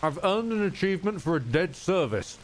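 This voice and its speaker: A man's voice: sits high, big pitch swings, a little fast, a little hiss or hum. A man streaming a game, rambling and jokey, swearing often as he talks over the gameplay. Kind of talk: casual gameplay commentary.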